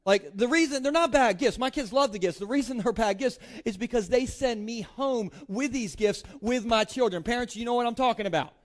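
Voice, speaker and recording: A man's voice: extremely high pitch, brisk, few pauses. A man in his thirties from Delaware, preaching to a congregation in a casual, joking way with lots of playful asides. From Delaware, United States. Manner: chatty, peppers speech with "like", playful asides. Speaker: pastor. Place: church stage before a congregation.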